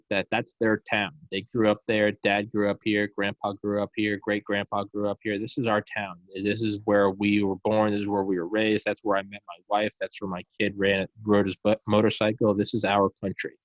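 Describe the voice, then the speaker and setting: A man in casual podcast chat, ranting in a profane, animated way and slipping into mocking voices. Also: on the low side, fairly quick, hardly any pauses, dry recording, highs cut off.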